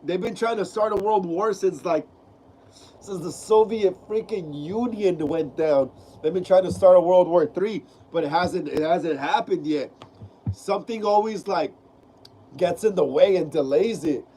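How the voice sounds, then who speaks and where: A high-voiced man with a dark tone speaks unhurriedly as he hosts a horror film live stream, sick and stuffy-nosed so that he sounds nasal. He reads viewer comments in a relaxed, slangy manner, repeating phrases and addressing viewers as "bro." The audio is poor, with a little hiss or hum.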